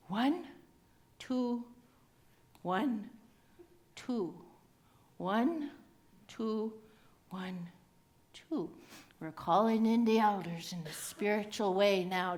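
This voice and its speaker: In a live comedic character monologue, a woman stage storyteller plays a cheeky older Cree auntie, speaking Cree-inflected English in a slightly high voice. Her manner is instructing, teasing, and chatty, and she drops grammar endings.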